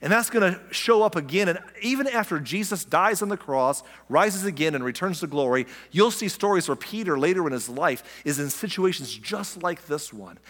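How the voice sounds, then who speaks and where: Male pastor, sermon, conversational, questions to the congregation, slightly high voice, long hall reverb. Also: expressive, moderate pace, hardly any pauses, a bit bright. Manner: conversational, asks the listeners questions, acts out quotes.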